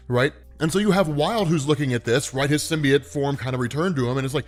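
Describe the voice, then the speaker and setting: A man's voice: fairly high pitch, fairly quick, hardly any pauses, soft background music. A man casually explaining a comic book story, chatty and dotting his talk with "right?" and "like".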